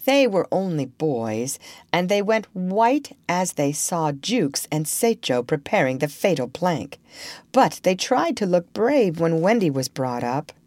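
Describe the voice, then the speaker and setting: A woman reading a storybook aloud in a slow, expressive manner as narrator. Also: low voice, dry recording.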